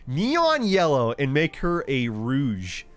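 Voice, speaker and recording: Relaxed, unhurried male streamer. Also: mid-range voice. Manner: laid-back banter with chat, swearing and laughing. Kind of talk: casual live-stream chat while playing. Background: faint game music.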